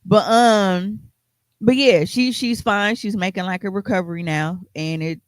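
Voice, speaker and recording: A man's voice: high voice, a little slow, no room sound. A man co-hosting a podcast, telling a story in a loose, casual way, with lots of fillers and swearing. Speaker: podcast co-host.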